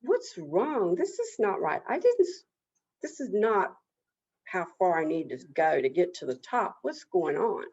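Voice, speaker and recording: A woman's voice: sing-song, unhurried, darkish tone, breathy edge, heavily acted. A woman voicing a proud, crafty male turtle who is indignant and scheming, in an oral folk tale, on a dull lo-fi recording. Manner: indignant then sly, shifting between high exclamations and muttered asides.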